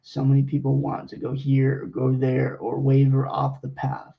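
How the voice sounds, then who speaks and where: A man's voice: medium pitch, completely flat delivery, moderate pace, creaky, muffled recording. A man, a coach hosting a radio show, giving a rambling motivational monologue full of fillers and restarts, repeating words for stress.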